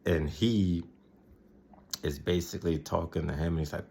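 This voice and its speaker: Deep-voiced man rambling through a recap. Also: steady tone, moderate pace, gravelly, darkish tone, slight background noise. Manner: rambling, laughs often, mimics characters. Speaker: video host recapping a TV episode. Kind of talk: casual episode recap.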